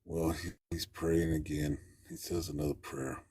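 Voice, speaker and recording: A man's voice: a bass voice, little pitch movement, measured pace, warm tone, breathy edge, no echo, clean studio sound. A man calling in to tell a story, talking in a plainspoken, rambling way with folksy grammar. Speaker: caller. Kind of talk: casual storytelling.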